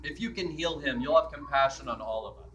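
A man's voice: fairly high pitch, quick pace, a bit bright, distant mic, slight background noise, rough recording. A man preaching a sermon as a priest in a church, in a conversational way that acts out the scripture quotes.

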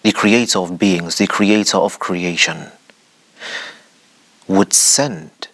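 A man's voice: low voice, takes it slowly, a bit bright. A man hosting a religious commentary show, speaking in a rhetorical way, addressing the audience directly with dramatic emphasis. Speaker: show host.

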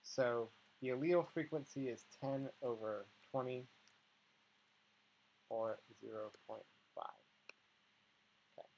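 A man's voice: mid-range voice, slow, vocal fry, pauses often, dull audio, slight background noise. A man teaching a biology tutorial, patiently working through problems step by step and often checking in with the listener. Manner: patient, explains step by step, checks in with "okay" and "right". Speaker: biology instructor. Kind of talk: tutorial walkthrough.

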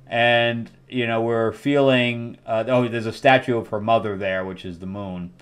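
A man's voice: mid-range voice, fairly even intonation, clear, resonant tone. A middle-aged man hosting a casual comic book review, recapping the plot loosely with fillers and acting out quotes. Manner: rambling recap with fillers and quick acted quotes.

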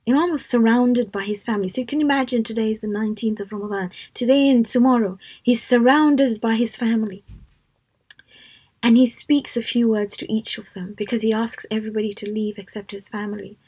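Hushed, husky woman telling a story. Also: on the high side, fairly even intonation, fairly quick. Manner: soft, hushed, often dropping to a whisper; earnest, emphatic storytelling. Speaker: teacher of a children's religious class. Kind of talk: storytelling lesson. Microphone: live online talk.

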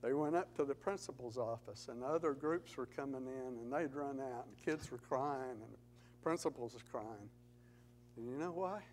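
A man's voice: medium pitch, moderate pace, a little mellow, low-quality recording. Man, church testimony speaker, earnest storyteller who builds emphasis; mid voice, light hum on the recording.

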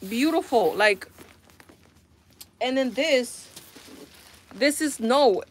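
A woman's voice: high-pitched, very slow, slight background noise. Exasperated young woman on a live stream. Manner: exasperated, animated, talks to viewers. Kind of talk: casual live-stream chat.

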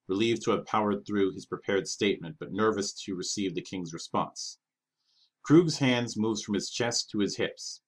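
A man narrating a space-opera novel in a measured, dramatic reading. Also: deep voice. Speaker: vTuber reading a novel aloud.

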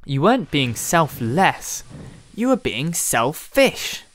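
Stern wise male engine, measured and lecturing, slow, done by the reader. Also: medium pitch, sing-song, fairly bright tone, no echo.

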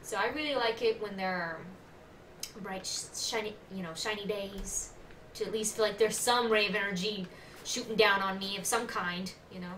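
A woman with a medium-pitched, slightly bright voice streams a game at a normal speed, chatting casually, giggling, and talking to her viewers in live-stream commentary. The room is echoey, the mic sits at a distance, and there's faint noise.

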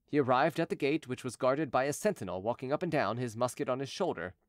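A man narrating an audiobook in a scripted, expressive reading. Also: mid-range voice, fast, hardly any pauses, no room sound, studio quality.

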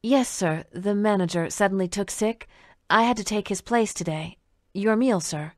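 A woman reading an audiobook, voicing a young waitress who speaks politely, her voice husky from nerves. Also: mid-range voice, normal speed, darkish tone, dry recording, clean studio sound, close to an everyday voice. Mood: polite, nervous.

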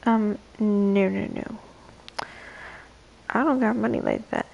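A young woman chatting casually on a late-night livestream, drowsy and slow, her voice low and gravelly tonight. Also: wildly swooping pitch, darkish tone, lo-fi sound, slight background noise.

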